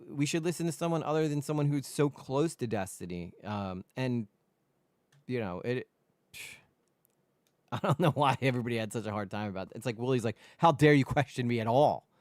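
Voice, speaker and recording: A man hosting a casual commentary stream, rambling with restarts and sudden animated jumps in pitch. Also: moderate pace, dry recording. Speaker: host.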